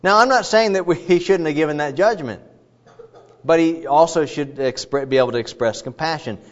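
A man's voice: on the high side, moderate pace. A man preaching an expository sermon in a conversational, digressive way with frequent asides. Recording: dull lo-fi recording.

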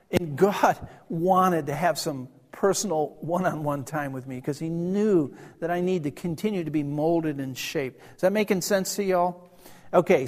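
A man preaching a sermon in a folksy, storytelling way, often laughing and acting out conversations. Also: on the high side. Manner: folksy, laughing, acts out dialogue. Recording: long hall reverb.

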